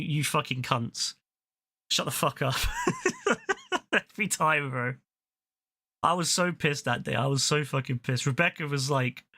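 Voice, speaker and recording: A man, chatting casually while gaming, ranting animatedly with a lot of swearing. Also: on the high side. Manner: ranting, profane, animated storytelling. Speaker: gaming video host.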